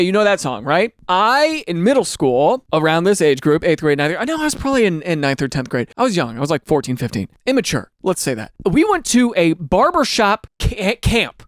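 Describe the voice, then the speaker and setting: A man's voice: sits high, very animated, a little fast, few pauses, no echo, clean studio sound. A man hosting a casual comedic chat, reacting to reader stories and acting out quotes in exaggerated voices. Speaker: host.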